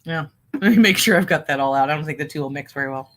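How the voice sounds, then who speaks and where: A woman's voice: sits low, quick pace. A woman hosting a casual livestream from home, chatting in a rambling way, with fillers and asides to her viewers. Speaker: livestream host and online reseller.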